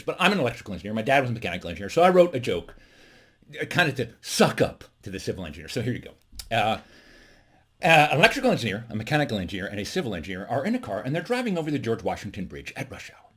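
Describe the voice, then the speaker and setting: A man's voice: mid-range voice, slightly rough. A man hosting a comedy-from-home segment, telling nerdy jokes to camera and laughing at his own punchlines. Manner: animated, laughs at own jokes, many fillers. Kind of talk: casual joke telling to camera.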